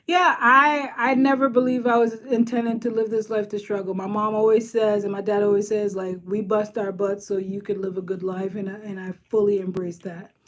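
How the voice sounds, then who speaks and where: A woman's voice: medium pitch, flat delivery, moderate pace, few pauses. Chatty woman hosting a live stream. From Boston, USA. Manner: chatty, reads viewer comments aloud and answers them. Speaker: livestream host, social worker. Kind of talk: casual live-stream chat.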